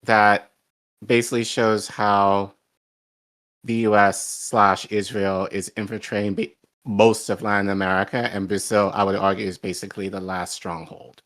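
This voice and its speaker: Low-voiced, hesitant male co-host. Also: flat delivery, normal speed, a bit bright. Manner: hesitant, filler-heavy. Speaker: news show co-host. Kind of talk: casual discussion.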